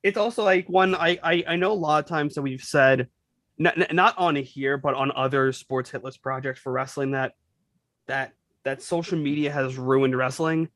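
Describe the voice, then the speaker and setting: A man's voice: on the high side, moderate pace, fairly bright tone, no echo. A man co-hosting a wrestling show in casual chat, stammering and repeating words as he speaks. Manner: stammering, repeats words while searching for them. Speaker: wrestling podcast co-host.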